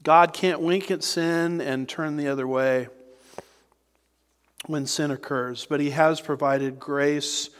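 A man preaching a sermon as a pastor, earnest and emphatic, with dramatic pauses. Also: a little high, fairly even intonation. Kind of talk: expository sermon. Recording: reverberant hall.

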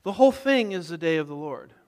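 A man's voice: a little high, animated, fast. A man preaching an expository sermon, teaching emphatically and driving home repeated points. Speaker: pastor. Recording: reverberant hall.

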